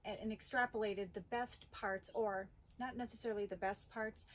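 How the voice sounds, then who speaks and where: A middle-aged woman presenting a school bus safety training video in a measured, instructional way, with the occasional filler. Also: mid-range voice, slight background noise, rough recording.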